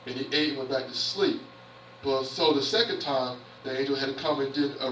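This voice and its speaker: A man preaching a sermon in a sanctuary, reading scripture and then retelling it in plain talk. His voice is fairly high and pushes with a tense edge. It is captured from a distance and echoes around the church, with faint room noise underneath. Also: moderate pace, bright, forceful tone. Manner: reads scripture aloud then paraphrases it conversationally. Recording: roomy church audio picked up from afar.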